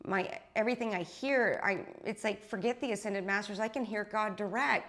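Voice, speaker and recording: A woman's voice: a little high, expressive, normal speed, few pauses, a bit bright. A woman spiritual teacher giving an intense, blunt monologue to her followers, swearing freely and often tagging her points with a question.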